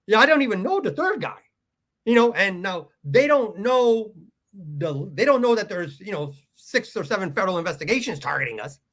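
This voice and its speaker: A man's voice: high-pitched, big pitch swings, moderate pace, fairly bright tone. A man from Southern California telling a story casually as a podcast guest, swearing freely, laughing at his own anecdotes and acting out other people's lines. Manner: profane, acts out quotes in character voices.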